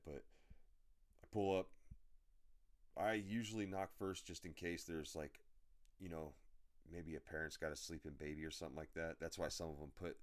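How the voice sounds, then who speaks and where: A man hosting a podcast, telling rambling, profane delivery-driver stories in a blunt, casual way. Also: extremely low pitch. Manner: profane, blunt storytelling with frequent filler. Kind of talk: rambling anecdotal podcast chat.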